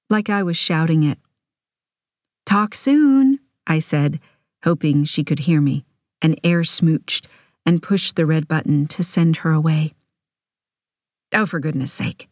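A woman narrating a literary audiobook in an intimate first-person voice. Her pitch sits slightly low and her delivery is measured. The close studio recording is completely dry. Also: a little mellow, no echo.

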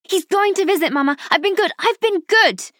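A woman reading an audiobook, voicing an excited small boy who squeals with delight. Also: extremely high pitch, a little fast, no room sound, clean studio sound, pitched above the performer's own voice. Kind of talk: audiobook narration.

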